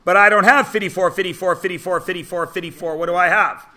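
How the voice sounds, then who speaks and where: Math teacher guy in a classroom, high bright voice, jokey and chatty. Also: steady tone, a little fast. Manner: teasing, chatty, asks rhetorical questions. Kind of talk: classroom lesson.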